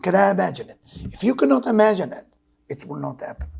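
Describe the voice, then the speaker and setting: A man in his sixties with an Israeli accent, a Kabbalah teacher giving an emotional sermon that swings between loud urging and low, hushed tones. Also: very animated, quick pace, gravelly, breathy edge. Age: 60s. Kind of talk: impassioned sermon.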